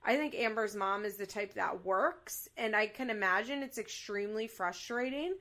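A woman co-hosting a podcast, recapping a reality show in candid, animated casual chat and swearing freely. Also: medium pitch, normal speed. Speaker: podcast co-host.

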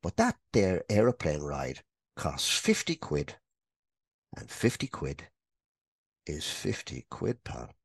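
A man voicing a stingy old wife in a spoken joke, gruff and grudging. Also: low voice, huge pitch swings, slow pace, long pauses, voice pushed down, exaggerated voice. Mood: stubborn. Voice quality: gruff, grudging, repeats herself.

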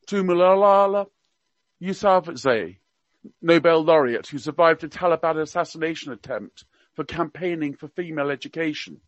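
As a radio guest commentator, a man with a slight received pronunciation accent reads a wry, scripted comic piece. His voice sits fairly high, with lively intonation and a moderate pace. There's no echo, and the lo-fi recording sounds dull and dry.

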